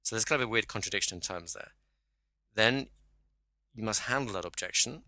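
A man's voice: lowish voice, brisk, sharp tone, dry recording. A man teaching a hypnosis class, explaining and acting out sample dialogue. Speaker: hypnosis trainer.

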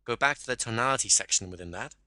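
A man's voice: mid-range voice, fast, sharp tone, no room sound. A man coaching a caller one-to-one, explaining exercises step by step and often checking in with "right?".

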